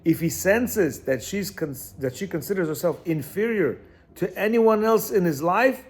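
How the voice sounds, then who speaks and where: A man's voice: high-pitched, expressive, moderate pace. A man teaching a class, reading from a text and explaining it, repeating phrases and checking in with his listeners.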